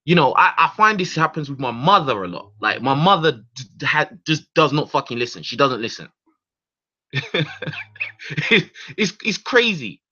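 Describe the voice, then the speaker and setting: A man's voice: on the high side, sing-song, moderate pace, pauses often, sharp tone. A man hosting his own radio show, ranting in a heated, profane monologue full of repeated words and restarts. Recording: dull lo-fi recording.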